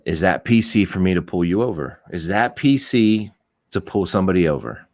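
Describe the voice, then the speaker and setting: A man's voice: low voice, animated, moderate pace, a little mellow, dry recording, studio quality. A middle-aged man hosting a podcast, talking bluntly and rambling in casual opinionated chat, swearing and restarting his sentences. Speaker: podcast host.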